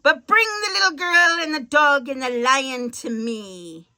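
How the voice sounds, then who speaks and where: A woman voicing a cruel, bossy old witch with a shrill screech in a storybook reading. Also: measured pace, bright, forceful tone, full character voice. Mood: commanding.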